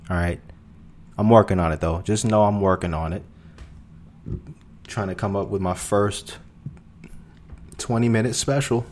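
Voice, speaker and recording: A man's voice: low voice, darkish tone, slight background noise. A young man in his twenties, an open-mic comedian hosting his own podcast, rambling in a profane, self-deprecating monologue. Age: 20s. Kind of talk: casual solo podcast monologue.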